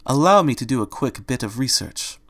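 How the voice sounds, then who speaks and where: A man voicing a calm, benevolent old male owl who speaks formally like a scholar. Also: mid-range voice, a little fast.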